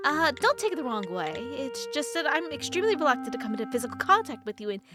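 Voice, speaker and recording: A woman's voice: sits high, sing-song, fast, pitched above the performer's own voice. A woman voicing a fussy male detective who is afraid of germs, in a prim, stiffly polite way. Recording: game music playing behind.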